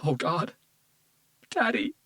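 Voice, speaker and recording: A man's voice: animated, normal speed, a bit bright, dry recording, distant mic. A man voicing a distraught woman in her early thirties, frantic and pleading as she reads an audiobook scene. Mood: grieving. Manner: frantic, high-pitched and pleading.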